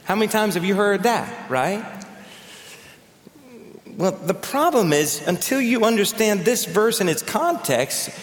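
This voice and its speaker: A man's voice: high voice, lively intonation, normal speed, few pauses. A man preaching a sermon as pastor, talking in a conversational way and telling stories. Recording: echoey hall with long reverb.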